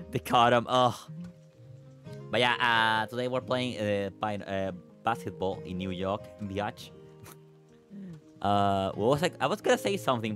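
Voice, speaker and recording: A man's voice: fairly low pitch, fairly bright tone. A young man streaming, chatting casually with viewers, thanking them, giggling and swearing now and then.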